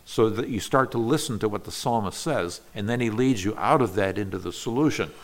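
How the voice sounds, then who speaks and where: A man's voice: on the low side, brisk, slight background noise. A man giving an earnest expository Bible lesson, explaining verses patiently with small restarts. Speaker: Bible teacher.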